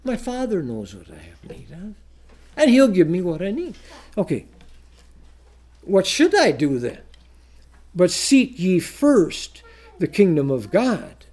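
Guy preaching a sermon, voice swoops up and down a lot, reads scripture slow and heavy. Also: sits high. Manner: animated preaching, voice rising and dropping sharply; quotes old-style scripture slowly. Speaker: pastor.

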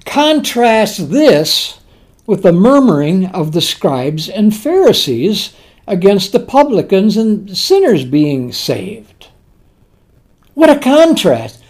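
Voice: mid-range voice, big pitch swings, slow pace, darkish tone. A preacher delivering a sermon on a parable in a folksy, conversational way, repeating key words for emphasis.

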